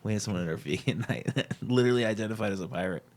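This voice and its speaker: A man's voice: fairly low pitch, rapid-fire. A man co-hosting a podcast, telling stories in casual, crude banter and laughing often. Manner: animated, laughing storyteller. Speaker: podcast co-host.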